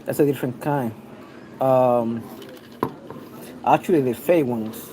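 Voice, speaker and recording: A man's voice: mid-range voice, takes it slowly, background noise. A man with a mixed New York City accent giving a rambling, opinionated talk on a livestream, full of restarts and fillers. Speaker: online video host.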